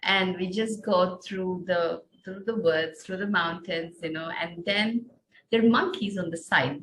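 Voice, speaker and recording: A middle-aged woman from India, a podcast guest, telling a visualization story in an earnest, soft-spoken way, often saying "you know". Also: medium pitch, a little hiss or hum, poor audio.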